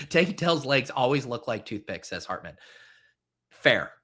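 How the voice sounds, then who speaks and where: A man in his thirties hosting a live stream, chatting excitably with his viewers while drafting. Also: mid-range voice, a little slow. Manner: excitable, animated, talks to chat. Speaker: fantasy football streamer. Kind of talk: live-stream casual chat.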